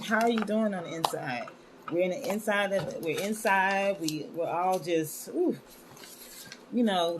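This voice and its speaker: A woman's voice: medium pitch, noisy background. A woman hosting a wellness live stream in casual chat, scattered and talkative, calling her viewers y'all. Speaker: wellness show host.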